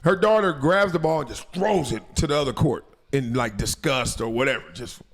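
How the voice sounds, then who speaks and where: A man hosting a podcast, telling a story in casual chat, animated and laughing as he acts out quotes. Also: mid-range voice, brisk. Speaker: podcast host.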